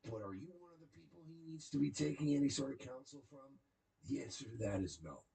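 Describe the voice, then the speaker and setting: A man hosting a stream, talking in a sarcastic, animated way about someone he mocks. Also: mid-range voice, fast talker, gravelly, rough recording. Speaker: stream host. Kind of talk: mocking casual commentary.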